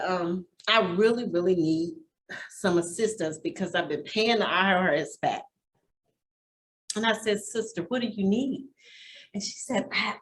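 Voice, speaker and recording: The recording has some hiss or hum and a roomy echo as a woman with a mid-range voice leads a real estate class. She tells warm, heartfelt stories about being blessed and giving back, aiming to motivate.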